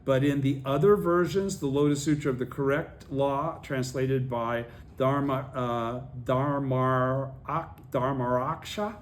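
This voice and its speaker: Study group leader, man, reads and explains, keeps asking if listeners follow, middle pitch. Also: steady tone, measured pace, hardly any pauses, slight background noise. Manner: checks in with listeners often, many fillers. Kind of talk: reading aloud and explaining a text to a study group.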